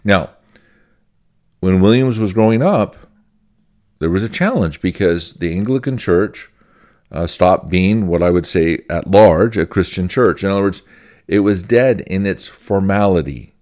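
A man's voice: deep voice, animated, unhurried, a little mellow. A man, a pastor, giving an informal church-history teaching in a conversational, folksy way, repeating phrases as he goes.

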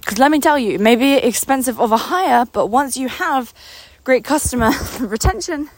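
A young woman coaching business owners in an unscripted pep talk, her voice pitched a touch high and sounding dry and close. She talks with eager enthusiasm, slightly out of breath, leaning on repeated words to stress a point. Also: expressive, moderate pace, no room sound. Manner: enthusiastic, speaks from the heart, repeats words for emphasis. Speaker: business coach and company founder.

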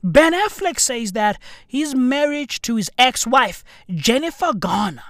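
A woman doing a profane comedy rant in a slangy street-bro manner, with shouted bursts. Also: sits high, very animated, a little slow, no room sound, studio quality. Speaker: comedic news commentator.

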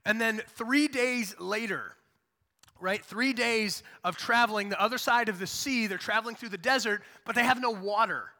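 A man preaching a sermon, retelling the story in a casual, animated storytelling way. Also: high voice, moderate pace. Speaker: pastor. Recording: long hall reverb.

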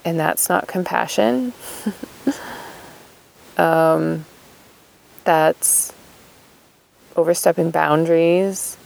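A woman speaking in a thoughtful, hesitant personal monologue with many pauses. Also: lowish voice, gravelly, a little mellow.

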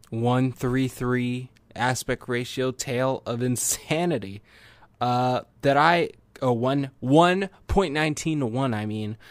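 A man's voice: on the low side, no room sound. A young man giving a casual, enthusiastic and rambling movie review.

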